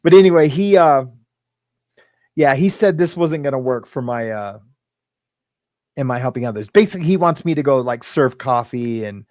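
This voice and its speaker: A man's voice: medium pitch, animated, moderate pace, pauses often, darkish tone, no room sound, clean studio sound. A man hosting a casual live stream, rambling, laughing often and greeting viewers in the chat by name. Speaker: livestream host.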